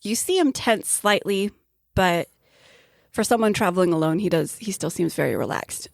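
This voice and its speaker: A woman's voice: lowish voice, expressive, normal speed, vocal fry, no room sound, studio quality. A woman narrating as game master of a tabletop game, describing scenes with easy laughter.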